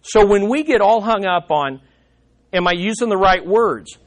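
A man's voice: high voice, animated, moderate pace, poor audio. A man preaching a sermon, teaching through a Bible passage in an emphatic, conversational way.

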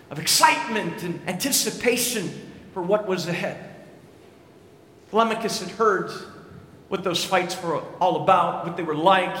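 A male preacher tells a story with a high, bright voice, swinging from dramatic peaks to hushed asides. His voice carries a long reverb, as if he were recorded in a large hall. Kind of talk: sermon storytelling.

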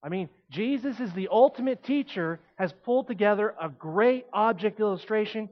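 A man preaching a sermon in an animated way, shifting between quiet explanation and emphatic points. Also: sits high, normal speed, highs cut off.

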